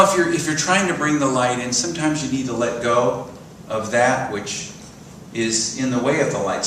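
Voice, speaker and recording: A man's voice: mid-range voice, a little hiss or hum. A man in his sixties giving a sermon as minister, telling stories and asking the congregation questions. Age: 60s. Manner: storytelling, animated, asks congregation questions. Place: church sanctuary. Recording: roomy echo from a distant mic.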